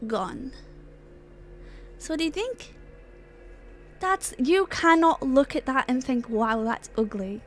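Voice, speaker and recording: A woman's voice: sits high, very animated, slow, long pauses, faint music behind. A young woman streaming, chatting casually with viewers in a joking, mock-dramatic way, laughing often and swearing now and then. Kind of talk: casual live-stream chat.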